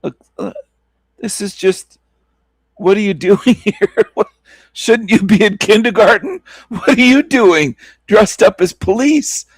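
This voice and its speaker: A man's voice: high-pitched, takes it slowly, breathy edge, no echo. A man hosting a stream, giving mocking, incredulous commentary on a clip and laughing often. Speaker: stream host reacting to a video clip. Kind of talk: casual reaction commentary.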